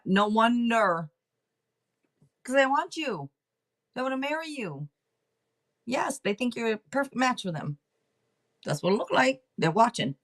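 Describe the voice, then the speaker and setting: A woman's voice: medium pitch, a bit bright. A woman hosting a casual livestream tarot reading, talking to viewers in a direct, playful, teasing way. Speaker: tarot reader and livestream host.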